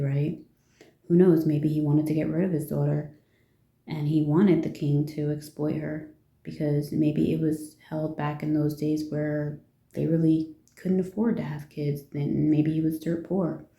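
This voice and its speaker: A woman's voice: deep voice, little pitch movement, a little slow, creaky, warm tone, reverberant. A woman casually retelling a fairy tale from her notes. She rambles, asks rhetorical questions and gives her opinions along the way. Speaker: vlogger.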